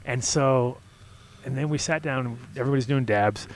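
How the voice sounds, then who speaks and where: A man hosting a casual talk show, telling a long story in a rambling, animated way and acting out his own reactions. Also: mid-range voice, normal speed, slight background noise. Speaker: host.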